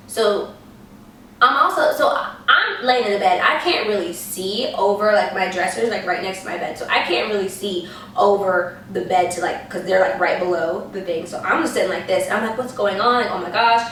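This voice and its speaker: A young woman vlogger telling a story casually and animatedly, acting out what people said in high voices. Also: moderate pace, a bit bright, slight background noise. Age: young adult. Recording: echoey room, voice a bit far from the mic.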